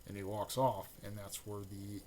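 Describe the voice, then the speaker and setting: A man casually recapping a fan-made story, rambling with lots of fillers and restarts, and with excited bursts on the action beats. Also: on the low side, moderate pace.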